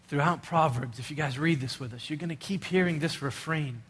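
Man preaching a sermon, earnest and urgent, keeps firing questions, voice sits a bit high. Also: a little fast, a bit bright, slightly rough. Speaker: pastor.

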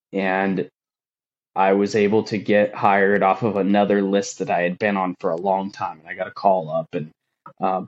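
Earnest low-voiced man telling his story. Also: muffled recording. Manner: earnest, rambling, emotional retelling with lots of fillers. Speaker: firefighter guest. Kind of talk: candid podcast storytelling.

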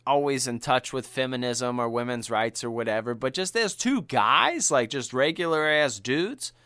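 A man's voice: medium pitch, moderate pace, dry recording, studio quality. A man co-hosting a podcast, chatting casually and retelling a film with slang and profanity. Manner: animated and profane, slangy storytelling. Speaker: podcast co-host.

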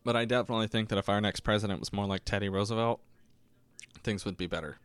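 A man's voice: fairly low pitch, steady tone, quick pace, fairly bright tone, smooth, dry recording. A man hosting a podcast, telling stories in a casual, rambling way, often correcting himself and acting out the people he quotes. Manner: rambling, self-correcting, acts out quoted voices. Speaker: podcast host. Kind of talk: casual solo storytelling.

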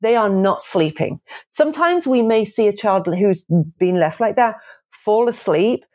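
A woman in her forties talking casually about parenting, animated and quick to laugh, acting out little voices. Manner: animated, acts out voices with big pitch jumps; laughs often. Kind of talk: casual conversational explanation.

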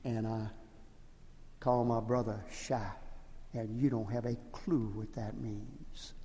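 An older man with a Cajun accent, a pastor preaching a sermon with impassioned swings from hushed to loud. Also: mid-range voice, fairly even intonation, takes it slowly, big-room sound, a little hiss or hum. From Louisiana, USA.

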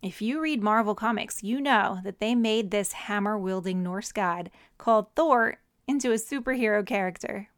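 A woman narrating a children's story and teaching syllables in a gentle, teacherly way. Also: mid-range voice, normal speed, hardly any pauses, smooth, no echo, studio quality.

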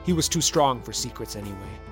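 A man narrating a dramatic legend in a measured, vivid storytelling manner. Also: medium pitch, lively intonation, music in the background.

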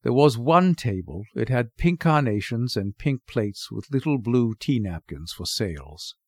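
A man narrating a short story in an expressive, wry storybook reading. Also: mid-range voice, measured pace, no room sound, studio quality. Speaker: narrator, reader.

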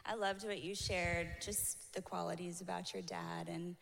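A woman's voice: on the low side, level tone, measured pace, vocal fry, a bit bright. Woman emcee, upbeat and friendly, church event, echoey hall. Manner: friendly, upbeat, laughs lightly. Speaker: event host. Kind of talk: introducing speakers. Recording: long hall reverb.

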